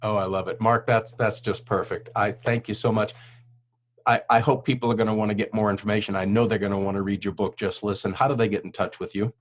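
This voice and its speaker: A man hosts an interview with eager enthusiasm, often restarting his sentences. His voice sits a bit low, and the recording sounds dull and lo-fi. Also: fairly even intonation, fast talker. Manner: enthusiastic, repeats words as he starts. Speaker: interview host. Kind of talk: interview hosting.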